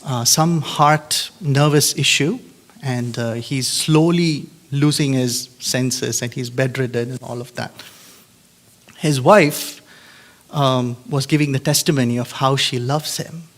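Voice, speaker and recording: A man's voice: medium pitch, steady tone, slow pace. A man preaching a live sermon in a conversational, emphatic way, often checking in with the congregation. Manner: conversational, emphatic, frequent "right?" and "okay?" checks.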